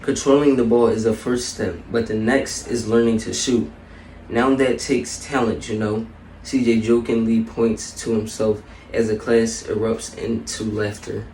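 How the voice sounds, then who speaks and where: A man reading a children's story aloud in a steady, even storybook manner. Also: fairly low pitch, a little slow, distant mic, a little hiss or hum. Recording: echoey room, a bit off-mic.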